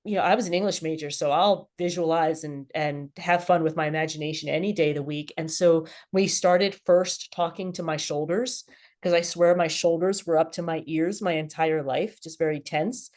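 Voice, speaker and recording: Middle-aged woman guest telling her story, lowish voice, open and lively. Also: moderate pace. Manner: candid, animated, laughs at herself. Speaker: podcast guest. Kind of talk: personal storytelling interview.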